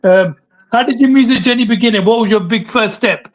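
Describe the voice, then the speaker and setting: A man's voice: sits high, fairly quick. A man hosting an interview, asking questions and giving brief affirming replies. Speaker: interview host.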